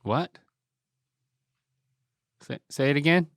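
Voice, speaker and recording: A middle-aged man, hosting a casual podcast with lively, laughing, mock-exasperated reactions. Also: fairly high pitch, takes it slowly, no echo, clean studio sound. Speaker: podcast host.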